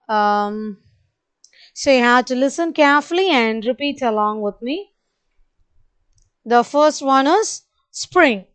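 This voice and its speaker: A woman teaching children a spelling lesson in Indian English, slowly and patiently spelling out each word letter by letter and repeating it. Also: high voice, smooth. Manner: slow, spells words letter by letter and repeats them; kind, patient, addresses kids directly. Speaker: primary school teacher.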